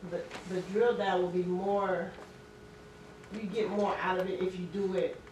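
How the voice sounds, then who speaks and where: A woman's voice: lowish voice, steady tone, a little slow, darkish tone, slight background noise. A woman taking part in a parent training class, speaking hesitantly and searching for her words. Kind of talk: class discussion. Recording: very echoey room from far off.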